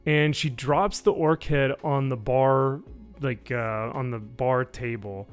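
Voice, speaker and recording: A man's voice: medium pitch, fairly even intonation, slow, soft background music. Rambling man reviewing a show. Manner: rambling, profane, with frequent fillers. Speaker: YouTube reviewer. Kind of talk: casual spoken review.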